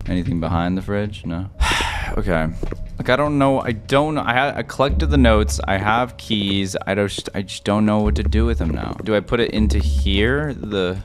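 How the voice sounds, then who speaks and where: A young man playing a horror game and commenting, swinging from low mumbles to shrill yelps. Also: normal speed. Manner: excitable, flips from mumbling to high-pitched yelps. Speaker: gaming YouTuber. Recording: game music behind the voice.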